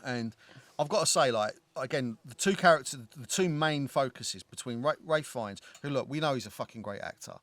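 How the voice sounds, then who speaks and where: A man co-hosting a casual film podcast, his voice sitting in an everyday middle pitch. He rambles, restarts sentences and swears freely. The recording is dry and close, with no room sound. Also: lively intonation, normal speed, a bit bright, no echo. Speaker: podcast co-host.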